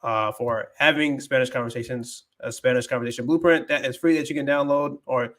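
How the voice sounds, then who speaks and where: A man's voice: mid-range voice, steady tone, fairly quick, fairly bright tone. A man hosting a casual livestream, thinking aloud as he talks about his language learning and drops in Spanish phrases.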